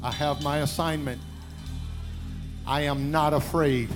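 A man preaches a fervent sermon in a slightly high voice, calling his congregation to repeat after him. Loud music plays behind his voice. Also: fairly even intonation, a little slow. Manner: emphatic preaching with call-and-response. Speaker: pastor.

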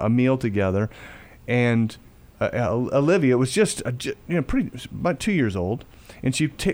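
A man hosting a faith talk show, telling a family story in a casual, halting way, often repeating words and going quiet when he quotes himself. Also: mid-range voice.

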